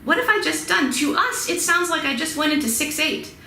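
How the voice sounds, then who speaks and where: A woman's voice: high-pitched, lively intonation, fairly quick, creaky, sharp tone, a little hiss or hum. A woman teaching music history in a chatty lecture, chanting rhythms aloud to demonstrate. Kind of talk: recorded lecture. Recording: echoey room with faint ambience.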